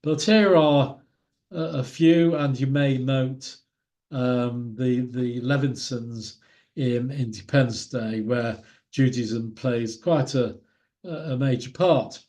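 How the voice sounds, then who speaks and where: A man's voice: medium pitch, slow pace, darkish tone. A man giving an illustrated talk with slides, in an opinionated, wry way. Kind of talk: lecture with slides.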